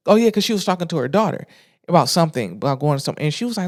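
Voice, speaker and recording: A podcast host telling a story in casual, animated talk, exasperated, with slang and frequent restarts. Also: medium pitch, racing.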